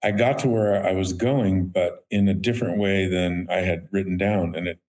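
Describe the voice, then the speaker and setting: A man co-hosting an interview, reflecting in a measured way before posing a question. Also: deep voice, fairly even intonation, darkish tone. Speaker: podcast co-host. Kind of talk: casual interview conversation.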